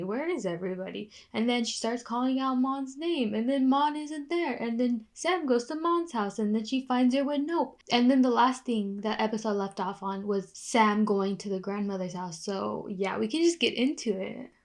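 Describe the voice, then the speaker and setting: A young woman chatting casually in a reaction video, recapping in long rambling runs and getting worked up as she watches. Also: medium pitch. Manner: gets worked up and indignant while watching.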